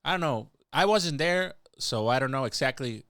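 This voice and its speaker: A man's voice: mid-range voice, expressive, normal speed, a bit bright, dry recording. Casual profane man, dry close sound. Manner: casual, profane, chiming in on the story. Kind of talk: casual chat.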